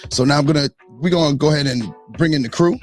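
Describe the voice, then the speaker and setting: A man hosting a podcast, chatting casually and teasing his co-hosts in a relaxed, joking way. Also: on the high side, fast, soft background music. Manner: joking, teasing, laid-back. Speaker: podcast host. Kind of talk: casual chat.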